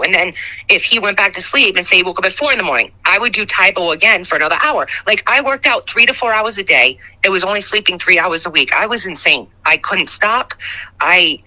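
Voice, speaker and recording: A woman, calling into a talk show and telling a personal story in a candid, halting, emotional way. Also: medium pitch, pushed and bright, poor audio. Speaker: caller.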